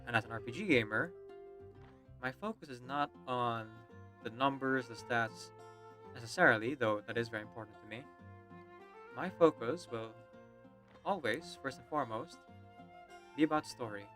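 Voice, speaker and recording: A man's voice: medium pitch, normal speed, long pauses, sharp tone. A man streaming a role-playing game, chatting casually and thinking aloud between asides. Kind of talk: casual gameplay commentary. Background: game music.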